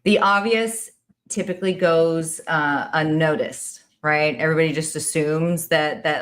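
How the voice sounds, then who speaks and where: A woman's voice: sits low, fairly even intonation, moderate pace, fairly bright tone. A woman hosting a podcast, talking in a rambling, chatty way, full of "like" and "right?". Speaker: podcast host. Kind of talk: casual chat.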